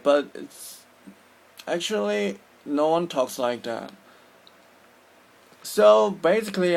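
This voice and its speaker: A Korean man with a Korean accent talks through his opinions in an unhurried, deliberate way. He sounds earnest and sure of his views, pausing and restarting as he hunts for the right words. His voice sits at an ordinary middle pitch for a man. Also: gravelly. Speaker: vlogger. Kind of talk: casual opinion monologue.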